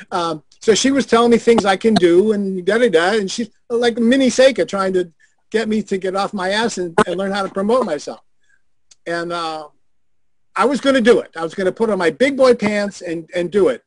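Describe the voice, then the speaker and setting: An older man tells stories on a video call in a high, lively voice, cursing freely and acting out the people he quotes. The sound is dry, with no room around it. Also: moderate pace, dry recording. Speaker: guest on a video call show. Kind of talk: anecdotal storytelling.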